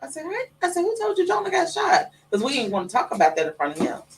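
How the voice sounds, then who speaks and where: Animated mother telling stories, distant mic. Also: fast, gravelly, a crowd in the background. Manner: animated storyteller who acts out quotes in a high voice. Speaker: guest, mother of the late artist. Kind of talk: casual storytelling. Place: studio.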